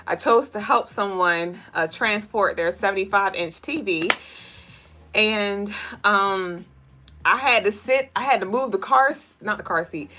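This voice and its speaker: A woman's voice: mid-range voice, a little slow, sharp tone, slight background noise. Chatty, profane woman hosting a tarot stream. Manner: chatty, profane, laughs often, reads chat comments aloud. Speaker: host giving daily spiritual readings. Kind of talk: casual livestream tarot chat.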